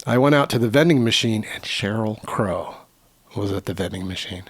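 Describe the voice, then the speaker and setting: A man in his fifties co-hosting a podcast in casual chat, excitable and rambling, with stammering restarts. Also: lowish voice, moderate pace, husky. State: sweaty and giddy. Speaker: podcast co-host and musician.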